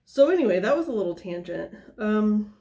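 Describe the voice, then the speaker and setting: A woman's voice: medium pitch, expressive, a little fast, dark tone. A woman giving a casual tarot reading, talking in a loose, rambling way full of fillers and tangents. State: somewhat out of breath. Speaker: tarot reader.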